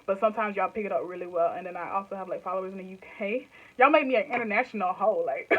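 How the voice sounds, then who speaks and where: A woman in her twenties with a Southern US accent rattles along very fast in a mid-range voice during a casual YouTube chat to camera, rambling loosely and laughing often. The sound is lo-fi, with heavy background noise.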